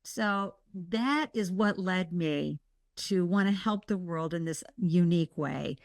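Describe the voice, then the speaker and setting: A woman guest talking in an interview, passionate and emphatic, with animated bursts of enthusiasm. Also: fairly low pitch, slow pace, vocal fry, dry recording, studio quality. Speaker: guest, startup mentor and podcast host. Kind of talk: conversational interview.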